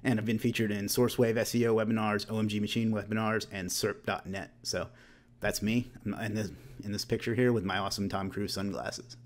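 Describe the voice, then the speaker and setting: Man in his late thirties, webinar host: brisk, lowish voice, casual and self-mocking. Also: little pitch movement, a little hiss or hum. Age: late 30s. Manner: joking, self-deprecating asides; loose and conversational, with restarts.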